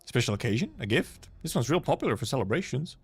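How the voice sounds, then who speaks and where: A man's voice: mid-range voice, big pitch swings, fast talker, husky, no echo, exaggerated voice. A man doing a chatty street merchant. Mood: salesy. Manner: friendly salesman patter. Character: chatty middle-aged male merchant.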